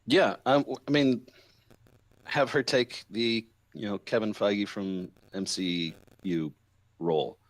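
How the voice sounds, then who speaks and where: Very deep-voiced laid-back man. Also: slow, no room sound. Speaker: podcast co-host. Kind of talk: casual chat.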